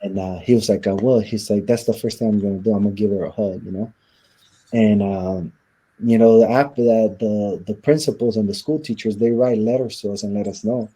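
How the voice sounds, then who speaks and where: Husky man, mellow low voice, retelling his past in a sit-down interview, quoting others as he goes. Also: fairly even intonation, a little fast. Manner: recounts events by acting out quoted dialogue. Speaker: interview guest.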